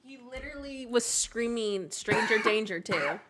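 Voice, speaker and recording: Young woman, casual gaming chat, giggly, animated storyteller. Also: on the high side, a little slow, heavy background noise. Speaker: streamer and co-host.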